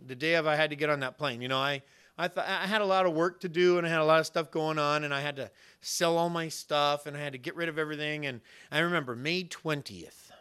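A man preaching a sermon, earnest and building to loud emphasis as he acts out the replies of God and friends. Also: a little high, fast, clean tone. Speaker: pastor.

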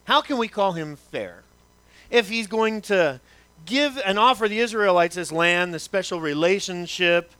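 A man preaching a sermon as a pastor, in a high, bright voice. He poses rhetorical questions and voices the congregation's complaints to God, slowing down for effect. The recording is dry and close. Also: no room sound.

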